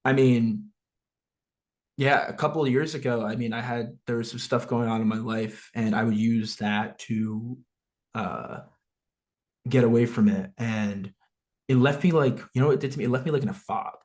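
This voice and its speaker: A man's voice: medium pitch, fairly even intonation, moderate pace, a little mellow. A young man in his twenties with a New Jersey accent, chatting casually as a podcast guest over a video call, full of fillers and restarts. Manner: rambling, filler-heavy, frequent swearing.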